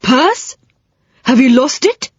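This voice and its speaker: A deaf little man hung with clanking pots and kettles, as a woman reads him, talking loudly and answering the wrong words. His voice is high and swoops about, set against a dry, faintly muffled recording. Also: animated, slow pace, no room sound. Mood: cross. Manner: loud, mishears words and answers them. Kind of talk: children's audiobook reading. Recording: slightly muffled, dry sound.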